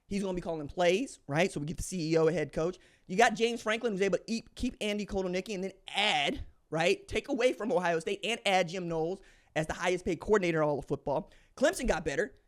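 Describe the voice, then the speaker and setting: A man hosting a solo sports podcast, talking in a slangy, animated way with sudden excited bursts. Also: high-pitched. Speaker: podcast host.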